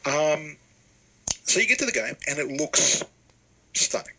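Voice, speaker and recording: A man's voice: a little high, animated, a little slow, sharp tone, low-quality recording. A man from Australia, co-hosting a casual podcast chat and telling stories with lots of fillers and restarts. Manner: enthusiastic storyteller, loose fillers and restarts. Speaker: podcast co-host.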